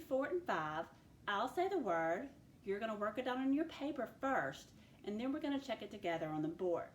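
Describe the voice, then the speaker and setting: A woman teacher leading a recorded phonics lesson, clearly sounding out words and letters for her students. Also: mid-range voice, echoey room, a little hiss or hum. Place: classroom with a board.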